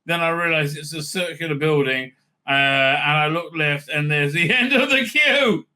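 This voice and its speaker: High, bright-voiced sarcastic man. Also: normal speed. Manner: sarcastic, scornful asides, many fillers. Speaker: vlogger commenting on TV news. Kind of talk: casual reading and mocking commentary. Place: home with a dog nearby.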